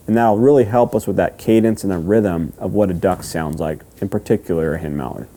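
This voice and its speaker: A man giving a step-by-step lesson, patient and repetitive, often checking in with "okay?" and slowly counting out rhythms. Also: on the low side, mellow, slight background noise. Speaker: duck calling instructor. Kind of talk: step-by-step instruction.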